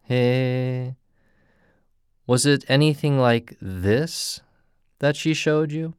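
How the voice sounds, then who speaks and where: A man voicing a rough, unsympathetic faceless ghost disguised as a street peddler. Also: medium pitch, drawn-out words, dry recording, clean studio sound. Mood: eerie. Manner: gruff and curt.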